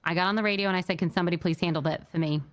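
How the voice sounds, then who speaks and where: A woman playing a state trooper in a roleplay, telling what happened in an upset but measured way, with many fillers and restarts. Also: lowish voice, steady tone. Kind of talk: in-character roleplay briefing.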